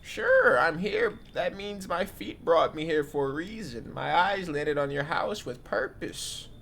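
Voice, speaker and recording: A man voicing a chatty, folksy old grandmother visitor in a high quavering voice. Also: sing-song, vocal fry, fairly bright tone, slight background noise, exaggerated voice. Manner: high quavering granny voice, slow drawn-out words.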